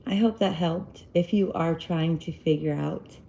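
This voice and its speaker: A woman's voice: low-pitched, a little slow, gravelly, a little hiss or hum, rough recording. Woman rambling through a personal story. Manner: rambling, animated retelling with quoted dialogue. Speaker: live-stream host giving relationship advice. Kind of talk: casual storytelling to viewers.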